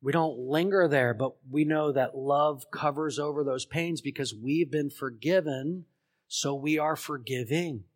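Man, pastor, sermon, storytelling, slightly high voice, questions the congregation. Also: a little slow. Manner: storytelling, acts out parable voices with big swings from shouts to hushed tones.

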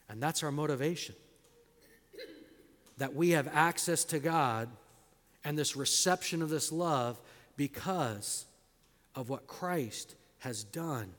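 This is an expository sermon from a pastor whose delivery is emphatic: loud stressed words give way to quiet, low endings, and single key words are sometimes slowed and stretched. A long hall reverb colors the sound.

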